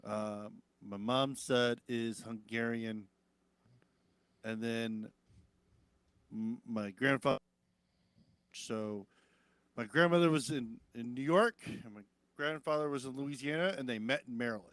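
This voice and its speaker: A man's voice: medium pitch, measured pace, long pauses, a bit bright, clear, resonant tone, dry recording. A man hosting a live-stream talk show, rambling casually and swearing, lifting his voice to mimic others. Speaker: podcast host.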